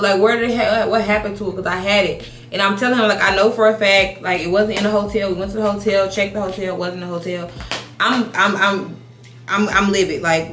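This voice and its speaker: A woman in her thirties telling a casual storytime while doing her makeup, animated, swearing, restarting her sentences. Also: medium pitch, reverberant. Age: 30s. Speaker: beauty vlogger. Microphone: compact camera mic.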